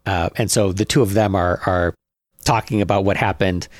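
A man co-hosting a casual comedy podcast, wry and quick with story ideas, often restarting his sentences. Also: low voice, steady tone, no room sound, clean studio sound. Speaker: podcast co-host.

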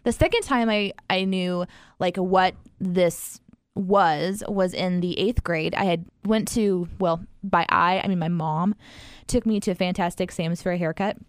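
A woman's voice: lowish voice, a little slow, few pauses, no echo, studio quality. Rambling woman telling personal stories. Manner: rambling, many fillers, laughs often. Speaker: guest sharing her story. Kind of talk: casual personal storytelling.

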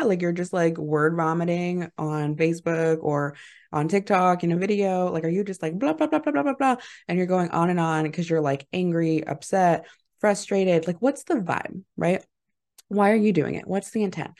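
A woman with a lowish, slightly mellow voice hosts her own podcast at a moderate, animated pace. A mindset mentor, she delivers a casual motivational monologue, chatty and upbeat, packed with "like" and "right?" fillers. She's encouraging and laughs easily.

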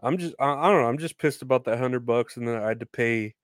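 A man's voice: medium pitch, quick pace, dry recording, clean studio sound. A young man hosting a podcast, ranting casually about news headlines, rambling, profane and self-deprecating. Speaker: podcast host.

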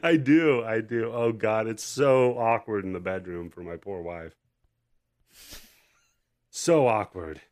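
A man's voice: fairly low pitch, slow pace, pauses often, darkish tone, no room sound, studio quality. A man hosting a podcast, trading crude jokes in casual chat with a guest over an online call. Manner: joking, crude banter. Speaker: podcast host.

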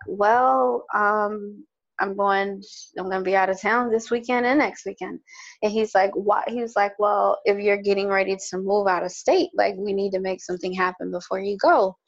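A woman in a loose podcast chat, recounting a story with lots of quoted back-and-forth. Her voice sits in a middle register. The recording sounds a little dull and lo-fi. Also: mid-range voice. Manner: animated storytelling, quoting others. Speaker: podcast co-host. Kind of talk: casual chat.

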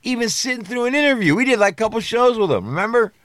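A man's voice: very high-pitched, lively intonation, quick pace, a bit bright, no echo, studio quality. A man co-hosting a casual podcast, talking bluntly and profanely, often calling his co-host "bro". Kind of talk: casual chat.

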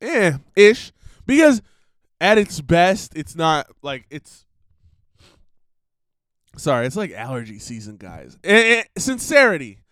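A man's voice: fairly high pitch, very animated, takes it slowly, long pauses, a bit bright, dry recording, studio quality. A young man hosting a podcast, rambling in a casual monologue full of fillers and laughter. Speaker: podcast host. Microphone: computer recording setup.

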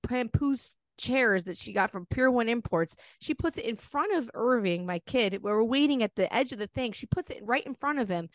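A woman's voice: fairly high pitch, expressive, normal speed, few pauses, dry recording. Profane ranting woman podcast co-host. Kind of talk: casual chat.

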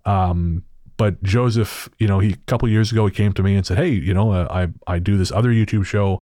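A man's voice: on the low side, fairly quick, warm tone, dry recording, clean studio sound. A man hosting a podcast, chatting casually with sarcastic, profane jokes and frequent laughter. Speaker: podcast host.

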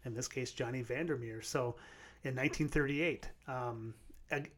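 Male co-host, casual podcast chat, emphatic and a little halting. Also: medium pitch, steady tone. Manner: emphatic, hesitant restarts.

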